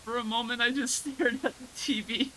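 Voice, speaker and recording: A woman streaming a video game, reacting with laughter, swearing and excitable outbursts. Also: a little high, moderate pace, slight background noise. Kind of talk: casual game-stream commentary.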